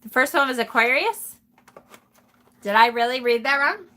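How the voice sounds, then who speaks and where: A woman's voice: high voice, expressive, normal speed, bright, forceful tone. A woman hosting a live stream in a chatty way, laughing often as she reads aloud and answers her chat. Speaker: host of a tarot channel.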